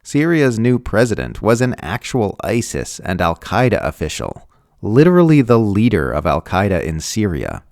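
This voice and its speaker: A man with a deep, gravelly voice reads a scripted commentary. His delivery is sardonic and lively in pitch, and he slips into mocking tones for the figures he quotes. The recording is close and dry. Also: moderate pace, dry recording.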